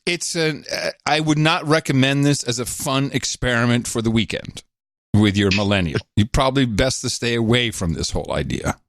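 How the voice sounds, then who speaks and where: A man co-hosting a podcast in casual chat, quick-witted and joking. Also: medium pitch, lively intonation, fairly bright tone, no echo, studio quality. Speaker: podcast co-host.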